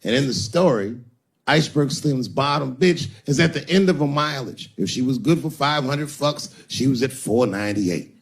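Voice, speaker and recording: Man, stand-up comedian, raspy, lively pitch, crude, punchy delivery. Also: normal speed. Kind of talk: stand-up storytelling.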